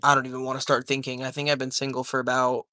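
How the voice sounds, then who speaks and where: Young male streamer, laid-back rambling chatter, dry mic, mid pitch. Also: monotone, fast talker, bright, forceful tone, no echo. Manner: loose, rambling, slangy, calls chat man, dude, bro. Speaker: livestreamer reading chat. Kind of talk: casual livestream chat. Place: at home with his cat.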